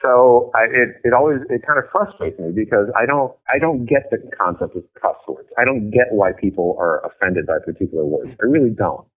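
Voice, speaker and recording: A man's voice: medium pitch, expressive, a little fast, few pauses. A middle-aged man, a guest author in a casual interview, talking in a blunt, profane and emphatic way. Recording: tinny phone-like line.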